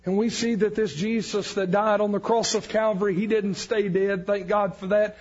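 A man preaching an evangelical sermon, fervent, building up to shouted emphasis on key lines. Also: high-pitched, steady tone, moderate pace, muffled recording.

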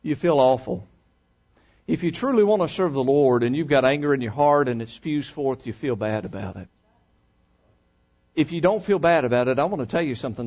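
Animated preacher, high-pitched and folksy. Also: male voice, brisk, lo-fi sound. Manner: folksy, emphatic, swinging from loud to hushed. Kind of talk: sermon.

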